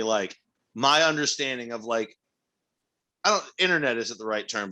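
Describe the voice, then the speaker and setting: A man's voice: medium pitch, bright, forceful tone. A young man co-hosting a podcast, chatting casually and telling stories with lots of swearing and laughter. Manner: profane, laughing storyteller. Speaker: podcast co-host. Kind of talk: casual chat.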